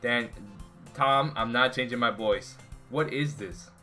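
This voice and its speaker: A young man streams a game in a mid-range voice, taking things slowly with a pushed, bright tone while faint music plays behind him. He rambles and swears in exasperation as he chats with his viewers and friends in casual live-stream commentary.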